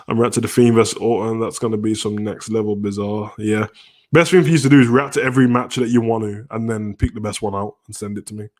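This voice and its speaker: A relaxed man chatting on a live stream, wandering from one thought to the next as he answers his viewers' messages. His voice sits a little low, and he loosely tags sentences with a familiar catchphrase. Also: fairly quick. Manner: relaxed, rambling, answers chat messages aloud, often tags "you know, like that". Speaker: wrestling stream host. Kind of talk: casual live-stream chat.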